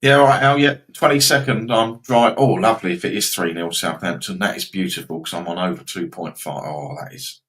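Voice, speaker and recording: A man's voice: low-pitched, a little fast, hardly any pauses, a bit bright, rough recording. A man hosting a live betting stream, rambling casually and reacting to football scores and viewers.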